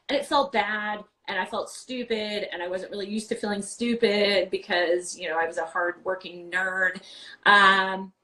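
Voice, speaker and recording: A woman in her forties from New York, chatting animatedly as a guest on a video-call interview, full of quick asides and "like" fillers. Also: mid-range voice, fairly bright tone, low-quality recording. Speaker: guest, wine podcast host. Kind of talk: casual interview chat.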